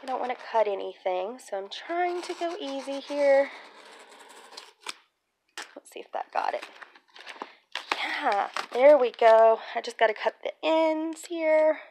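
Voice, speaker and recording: A woman chatting casually while unboxing a gift on her bed, excitable and chatty with frequent squeals, filmed on a handheld phone. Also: high voice, unhurried, long pauses, slight background noise. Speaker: crafts vlogger. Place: bedroom at home. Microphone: handheld phone camera.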